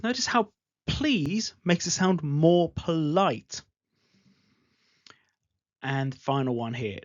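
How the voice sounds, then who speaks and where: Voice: mid-range voice, animated, slow pace, pauses often, no echo. An English teacher giving an online grammar lesson, speaking patiently and repeating example sentences. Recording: dull lo-fi voice recording.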